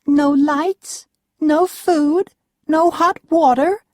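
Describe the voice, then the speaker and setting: A woman voicing a spoiled, demanding rich wife in a slow storybook reading for learners. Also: steady tone, a little mellow, no echo, clean studio sound. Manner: shrill, whiny, demanding.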